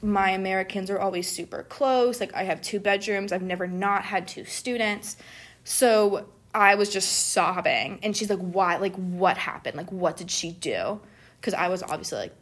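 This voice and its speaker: A young woman in casual conversation, telling a story in an animated way and acting out what people said, with many "like"s. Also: medium pitch. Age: young adult. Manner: animated, acts out quoted people, says "like" often. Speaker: guest telling a study-abroad story.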